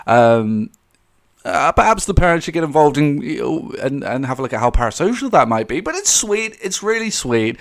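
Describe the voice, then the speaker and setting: A man's voice: fairly high pitch, moderate pace. A young man giving casual, rambling commentary on a vlog, laughing often and restarting his sentences. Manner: rambling, animated, laughs often, mocking quoted voices; many fillers and restarts. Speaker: commentary YouTuber.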